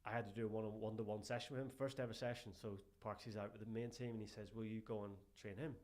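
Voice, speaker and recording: An Irish man, a strength and conditioning coach, telling lively anecdotes as a guest in a casual interview and often calling the host "mate". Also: fairly low pitch, fast talker. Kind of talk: casual podcast interview chat.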